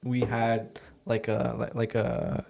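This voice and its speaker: A man's voice: mid-range voice, completely flat delivery, slow pace, creaky, a little mellow. A young man from Southern California, co-hosting a podcast in casual chat, rambling with lots of fillers and restarts. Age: young adult. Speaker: podcast co-host.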